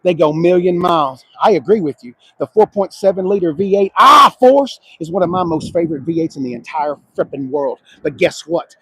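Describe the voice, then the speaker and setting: Man, middle-aged, high voice, husky, profane joking car reviewer, outdoor car lot. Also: expressive, fairly quick, hardly any pauses, no room sound, low-quality recording. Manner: profane, mocking, loud joking rants. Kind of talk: casual walkaround car review.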